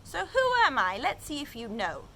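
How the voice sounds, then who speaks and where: A woman's voice: sits high, wildly swooping pitch, moderate pace, gravelly, sharp tone, slight background noise, exaggerated voice. A woman voicing a secretive, teasing little bunny rabbit in a read-aloud storybook. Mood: playful.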